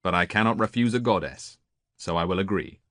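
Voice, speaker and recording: Man doing a bluff joking storyteller king, deep voice, dry recording. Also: brisk, a bit bright, no room sound. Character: stocky middle-aged king, crafty storyteller.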